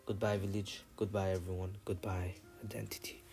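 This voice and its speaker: A man's voice: low-pitched, level tone, a little fast, gravelly, a little mellow, faint music behind. A man voicing a loving older brother ninja, speaking earnestly and tenderly in a farewell. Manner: earnest, tender, repeats goodbyes.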